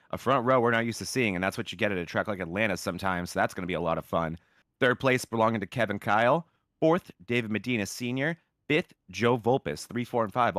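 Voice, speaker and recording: A man's voice: medium pitch, fairly bright tone, dry recording, clean studio sound. A man doing lead commentary on a sim racing broadcast, upbeat and chatty, sometimes tripping over names.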